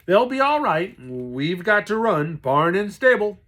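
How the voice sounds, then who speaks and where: Firm dad in a crisis, a male reader's take; crisp orders, breathy tone. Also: fairly high pitch, sing-song, a little slow, pitched above the performer's own voice, full character voice. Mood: commanding. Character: farmer father, firm and commanding.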